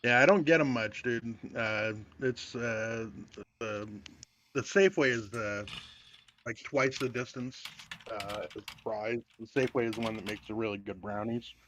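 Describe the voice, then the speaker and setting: A man chatting casually on a stream, hesitant and filling pauses with uh and like. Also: mid-range voice, fairly bright tone. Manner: hesitant, lots of uh and like. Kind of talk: casual chat. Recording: dull lo-fi mic with faint hiss.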